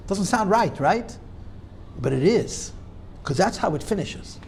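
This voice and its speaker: A rabbi teaching a class in an emphatic lecture style. He repeats his key points forcefully and mixes Hebrew and Yiddish terms into his English. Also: high voice, expressive, measured pace, slight background noise.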